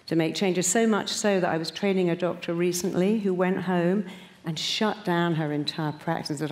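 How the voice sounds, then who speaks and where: Emphatic lower-voiced woman therapist. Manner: animated and emphatic, soft and slow when guiding. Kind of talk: explaining her method, then guiding a meditation.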